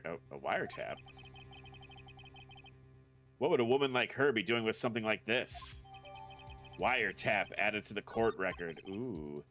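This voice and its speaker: A man's voice: deep voice, fairly bright tone. A man livestreaming a courtroom game, reading the hero's lines aloud and adding self-mocking asides. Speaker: streamer.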